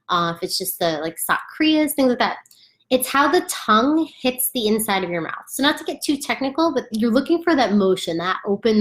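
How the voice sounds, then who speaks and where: Woman, yoga instructor, casual chatty teaching, demonstrates chant sounds, laughs often, at home. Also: medium pitch.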